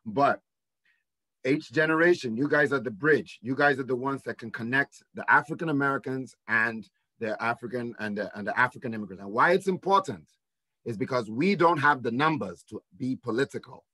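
A man's voice: mid-range voice, fairly quick, sharp tone, dry recording. A man with a Nigerian accent hosting a panel discussion, talking earnestly in long rambling runs with restarts.

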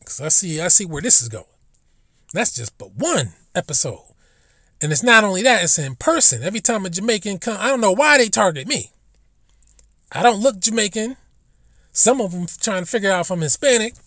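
A man's voice: high voice, big pitch swings, fairly quick, sharp tone, no echo, studio quality. A man ranting bluntly and profanely in a casual vlog monologue, recorded in a car. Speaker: vlogger.

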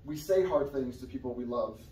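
A young adult man, a guest preacher, giving a casual, conversational sermon with sudden loud outbursts. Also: medium pitch, fairly quick. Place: church sanctuary. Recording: echoey church room, somewhat far from the mic.

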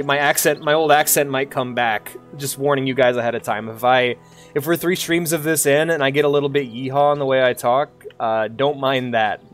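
Joking male game streamer. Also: mid-range voice. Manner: joking, self-deprecating, laughs often. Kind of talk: casual gameplay commentary.

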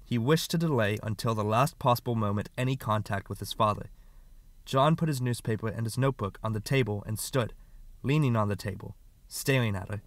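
A man reading a short story aloud as an audiobook narrator, calm and measured. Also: on the low side, no room sound.

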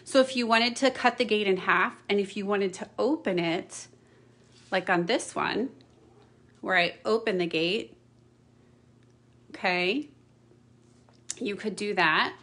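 A woman's voice: mid-range voice, takes it slowly, pauses often, fairly bright tone. A middle-aged woman chatting through a card-making tutorial, with apologetic asides and frequent "okay?" check-ins. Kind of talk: casual craft tutorial.

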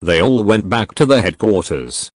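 A man's voice: on the low side, expressive, normal speed, dry recording. A man narrating a piece of fan fiction in a plain, matter-of-fact reading style.

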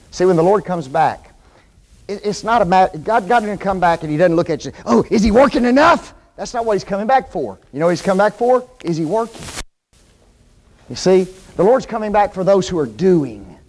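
A man teaching a Bible class sermon in a church, folksy and animated, often asking the class questions. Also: high-pitched, normal speed. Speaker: preacher.

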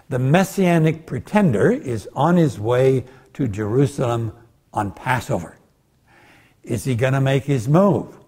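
A man's voice: mid-range voice, darkish tone, slightly rough. An older man giving a bible lecture as a guest speaker, telling the story with animation and acting out the voices of the people in it.

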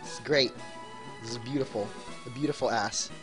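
A man's voice: medium pitch, fairly even intonation, moderate pace, a bit bright. Goofy American guy, faint game music. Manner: goofy, teasing, laughs a lot. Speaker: gaming livestream host. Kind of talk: casual joking chat over gameplay.

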